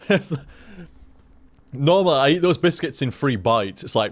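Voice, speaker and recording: A man's voice: on the high side, expressive, normal speed. A young man chatting casually to his stream viewers, rambling and swearing with lots of restarts.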